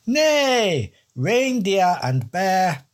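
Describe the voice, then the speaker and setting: A man putting on a blunt Norwegian boatman who talks in broken English, with a put-on Norwegian accent. The voice sits high and swoops up and down. He speaks in slow, terse phrases. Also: very animated, full character voice. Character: gruff Norwegian villager and boatman, blunt, plainspoken.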